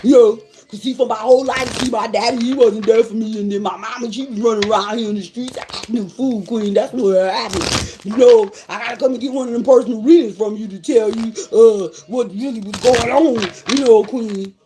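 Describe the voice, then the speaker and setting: A woman's voice: fairly high pitch, fairly even intonation, fairly quick, background noise, pitched below the performer's own voice, natural voice. A woman doing a stammering, self-pitying grown man. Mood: whiny. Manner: hesitant, stammering, full of fillers.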